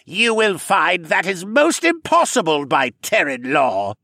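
A man's voice: wildly swooping pitch, takes it slowly, creaky, sharp tone, breathy edge, dry recording, studio quality, heavily acted. Man putting on a sneering snake-like courtier. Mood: smug. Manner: high, sneering, hissing. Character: scheming snake-like male courtier, cruel and sly.

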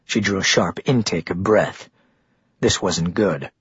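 A male audiobook narrator reading in a steady storytelling manner. His voice is mid-pitched and very husky. The recording is dry, with no room sound, and its tone is dull. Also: unhurried, dry recording. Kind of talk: scripted narration.

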